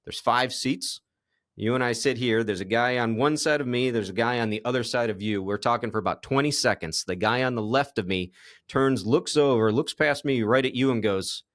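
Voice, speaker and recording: A man hosting a casual interview, telling a story in a relaxed way and laughing at his own anecdote. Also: medium pitch, no echo, clean studio sound. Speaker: podcast host.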